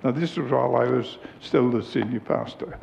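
A man, a pastor, preaching a sermon, telling a story in an unhurried way with frequent hesitations. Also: medium pitch, creaky, darkish tone. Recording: dull lo-fi recording with faint background noise.

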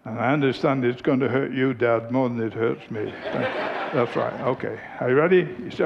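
A man preaching a sermon, telling a family story in a slow, deliberate, teaching tone. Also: mid-range voice, creaky, lo-fi sound, noisy background.

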